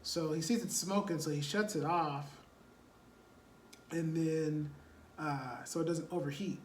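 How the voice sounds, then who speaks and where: A man's voice: on the high side, fairly even intonation, measured pace, slight background noise. Rambling man retelling a movie. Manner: rambling, full of "like" and "you know". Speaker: storyteller. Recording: roomy echo, distant mic, faint ambience.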